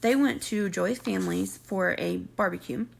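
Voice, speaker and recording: A woman's voice: medium pitch, moderate pace, creaky. A woman, casually recapping a reality show, chatty and sarcastic, acting out what people said. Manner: chatty, sarcastic, acts out quotes.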